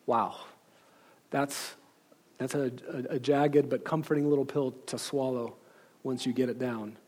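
A man, apparently a pastor, informally recommending books and pausing often as he reflects. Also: medium pitch, steady tone, a little mellow. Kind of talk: informal book recommendations with read-aloud quotes.

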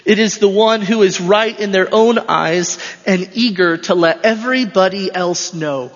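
A male pastor with a high-sitting voice preaches an expository sermon in a church at a measured pace, speaking emphatically and repeating phrases for stress. The recording sounds dull and lo-fi, with long hall reverb.

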